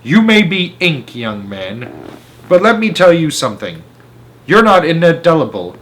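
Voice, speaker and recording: In a storybook reading, a man plays a huge, fierce headmistress who bullies a pupil, bellowing and sneering at them with domineering scorn. His voice sits a little high, above his own natural pitch, and comes out very animated, a little slow and a bit bright.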